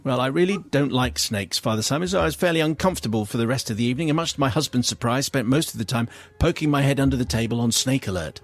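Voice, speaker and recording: A man's voice: fast talker, hardly any pauses. A man, a radio host, reading a listener's funny letter aloud with comic flair. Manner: comic storytelling, swings into high squeals for the letter writer's cries. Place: radio studio.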